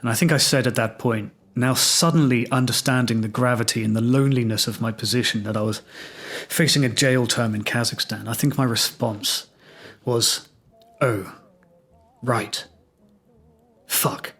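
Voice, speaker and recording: A man's voice: mid-range voice, steady tone, a little fast, fairly bright tone. A man from England with an English accent, hosting a solo podcast and telling his own story in a reflective, wry, self-deprecating way. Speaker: podcast host.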